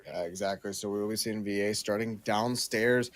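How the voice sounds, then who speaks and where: A man casting a live esports match, talking quickly through play-by-play and analysis in a chatty, easygoing way. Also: on the low side, steady tone. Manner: talkative, quick asides, apologetic host patter. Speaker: esports caster.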